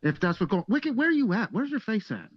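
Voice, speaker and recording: Upbeat teasing co-host, fairly high male voice, dull dry lo-fi webcam line. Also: big pitch swings, no echo. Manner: upbeat, teasing, quick to react. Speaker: podcast co-host. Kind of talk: casual chat on a live video call. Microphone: webcam video call. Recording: dull lo-fi call audio.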